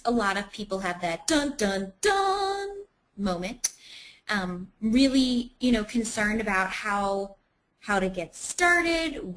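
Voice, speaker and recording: A woman's voice: medium pitch, a bit bright, poor audio. A woman presenting a webinar in a chatty way, with many ums.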